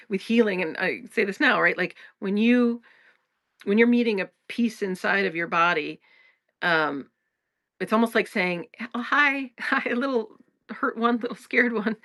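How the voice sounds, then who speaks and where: A woman's voice: mid-range voice, fairly bright tone, no echo, clean studio sound. A woman hosting a spiritual talk in a casual, frank way, swearing freely, laughing often and restarting her sentences. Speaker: spiritual teacher and podcast host.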